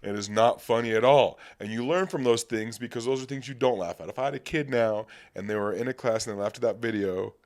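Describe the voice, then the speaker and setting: A young man hosting a podcast, telling casual stories in an animated way and laughing as he goes. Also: mid-range voice, fast, hardly any pauses. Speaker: podcast host. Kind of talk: casual storytelling chat.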